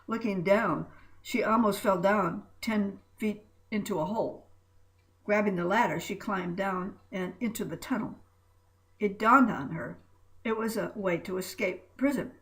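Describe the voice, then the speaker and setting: A woman's voice: medium pitch, fairly bright tone, poor audio. A woman narrating a story aloud, reading with small slips and restarts.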